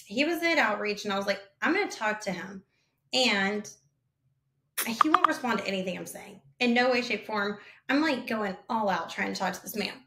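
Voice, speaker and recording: A woman in a roomy, echoing space tells a story in a relaxed, casual way. She talks fast and loose, with plenty of "like" and restarts. She acts out the voices of the people in her story as she shares her sales tips. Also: medium pitch, a little hiss or hum. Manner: animated, chatty, many fillers, acts out quotes. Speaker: founder sharing sales advice. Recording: roomy echo.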